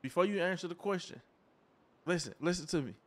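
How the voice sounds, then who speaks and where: A man streaming a game role-play, talking in a pushy, insistent way that sometimes drops to a low pleading tone. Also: brisk, a bit bright. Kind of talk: casual role-play banter.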